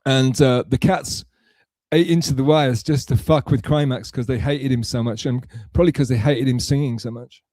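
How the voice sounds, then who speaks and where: A man chats on a live stream, reading out messages and answering them at length. He talks in a rambling, sarcastic way, stumbling and restarting often. His voice is mellow and dark, heard close and dry. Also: medium pitch, steady tone, normal speed, no room sound. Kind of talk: casual live-stream chat.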